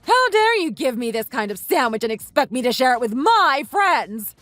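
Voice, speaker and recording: A woman's voice: high voice, sing-song, normal speed, a bit bright, dry recording, soft background music. A woman voicing a snobbish, spiteful young woman in a voiced texting story, with haughty, sneering outbursts. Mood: scornful.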